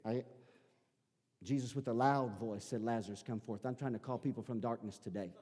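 A male pastor preaching a sermon, repeating his phrases and building up to shouting. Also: mid-range voice, normal speed, slightly rough, in a large hall. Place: church sanctuary.

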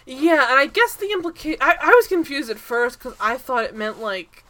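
A woman's voice: high voice, lively intonation, moderate pace, sharp tone. A woman co-hosting a casual podcast, recapping a TV episode in a rambling way full of "like" and laughs. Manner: rambling, lots of "like", laughs while acting out scenes. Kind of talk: casual chat.

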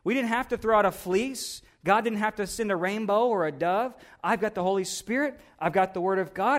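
High-voiced man preaching a conversational sermon. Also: brisk, hardly any pauses. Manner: conversational, animated storytelling. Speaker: pastor.

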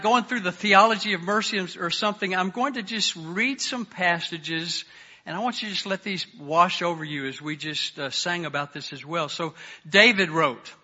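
Earnest high-voiced male preacher. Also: highs cut off. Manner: earnest, varies loudness, drops soft on prayers. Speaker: pastor. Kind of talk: sermon with scripture reading.

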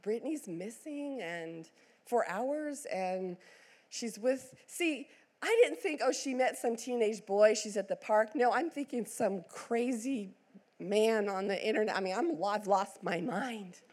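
A woman's voice: on the high side, expressive, unhurried, darkish tone. A middle-aged woman pastor telling a personal story in a sermon, acting out the quotes with big swings in her voice.

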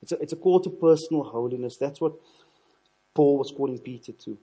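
Male preacher, sermon, husky, mellow dark tone, earnest, repeats words. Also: medium pitch, fairly quick. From South Africa. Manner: earnest, repeats words when building a point.

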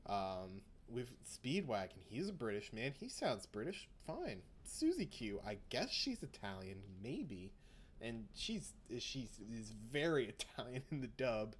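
A man's voice: medium pitch, sing-song, measured pace, slight background noise. A young man co-hosting a podcast in casual chat, rambling and laughing often. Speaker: podcast co-host.

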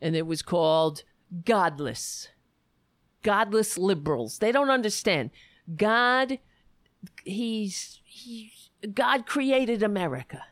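A woman's voice: mid-range voice, animated, takes it slowly, long pauses, dry recording, clean studio sound. A woman comedian giving sarcastic, mocking commentary.

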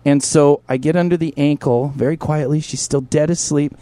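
A middle-aged man hosting a radio show, telling a crude comic story in an animated way, swearing freely and bursting into shouted impressions. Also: a little high, normal speed, no room sound.

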